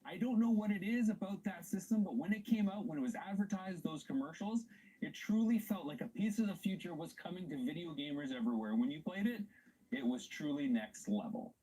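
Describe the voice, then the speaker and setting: A man's voice: sits high, brisk, mellow, slightly rough, rough recording. A man hosting a video, talking enthusiastically about game consoles.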